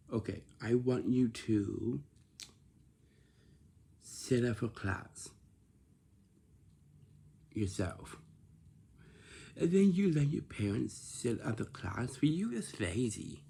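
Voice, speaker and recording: Man, gravelly, husky, slow and repetitive, lecturing on manners. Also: mid-range voice, expressive, dark tone. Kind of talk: casual talk to camera.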